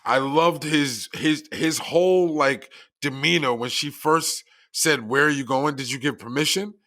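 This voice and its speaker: A man co-hosting a podcast, chatty and animated, often chuckling. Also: on the high side, measured pace. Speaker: podcast co-host. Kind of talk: casual chat.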